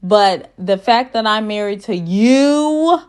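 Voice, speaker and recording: A woman's voice: medium pitch, animated, slow, smooth. A woman imitating a fed-up young husband. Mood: exasperated. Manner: blunt, dismissive. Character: exasperated young man arguing with his wife.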